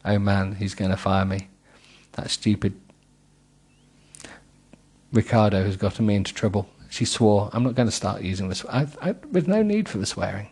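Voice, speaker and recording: A man's voice: lowish voice, normal speed, creaky, pauses often, a little mellow, slightly rough. A middle-aged man reading a book aloud with comic asides, giggling and stumbling over words.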